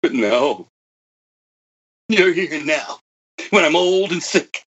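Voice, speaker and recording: A man's voice: fairly high pitch, expressive, takes it slowly, a bit bright, dull audio, slight background noise. An actor playing a bitter old man who was once a computer prodigy, delivering a dramatic monologue that swings from wry to anguished. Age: older.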